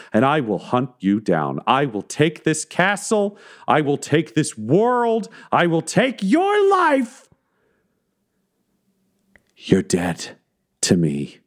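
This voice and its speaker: A man voicing a vengeful young woman who slowly declaims cold threats at her father. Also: fairly low pitch, a little mellow, full character voice.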